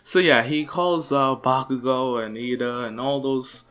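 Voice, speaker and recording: A man's voice: medium pitch, steady tone, unhurried, fairly bright tone, clear, resonant tone. A young man casually improvising a fan story, rambling with fillers and restarts. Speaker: channel host.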